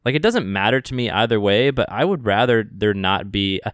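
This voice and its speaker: A man's voice: fairly low pitch, expressive, moderate pace, a bit bright, no echo, clean studio sound. A man co-hosting a podcast, chatting casually about a show, rambling and hedging as he rephrases his thoughts. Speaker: podcast co-host. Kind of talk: casual chat discussing a show.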